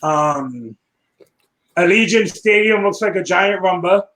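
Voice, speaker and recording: A man's voice: high voice, expressive, slow pace, a bit bright, rough recording. A man in his late thirties co-hosting a sports show, dry, sarcastic and profane. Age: 30s. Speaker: co-host. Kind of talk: casual sports podcast banter. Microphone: remote call.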